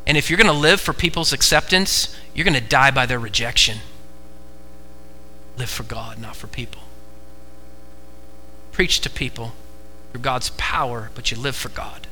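An American man preaching a sermon to a congregation, emphatic and repetitive, moving between hushed stretches and fervent ones. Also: medium pitch, a little hiss or hum, low-quality recording. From United States. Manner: emphatic, repeats key phrases, swings from hushed to fervent. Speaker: pastor. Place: church before a congregation.

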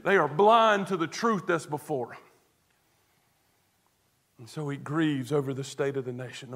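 A man preaching a sermon as pastor, earnest, moving between hushed tones and emphatic stress, with rhetorical questions. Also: a little high, moderate pace, pauses often.

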